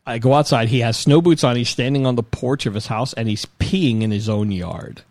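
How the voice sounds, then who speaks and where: A man's voice: medium pitch, a little fast, a little mellow, no room sound. A man in his forties telling a rambling, self-mocking story in casual chat.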